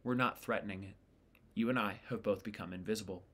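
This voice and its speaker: Male reader doing a earnest teenage boy, low voice, quiet and pleading. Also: steady tone, quick pace. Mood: calm.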